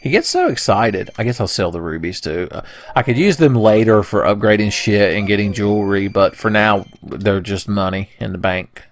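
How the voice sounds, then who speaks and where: A man's voice: on the low side, normal speed. A young man casually commentating a video game playthrough, joking, swearing and putting on silly voices. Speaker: let's play commentator.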